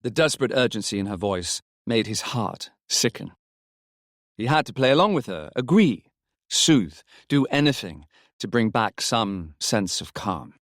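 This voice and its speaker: A man narrating an audiobook story in a measured, even manner. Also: lowish voice, no room sound, studio quality.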